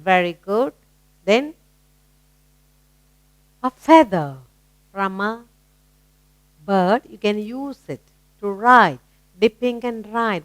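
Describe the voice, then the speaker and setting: A woman's voice: on the high side, dry recording. A woman with an Indian English accent teaching young children phonics, coaxing them with questions and praising their answers.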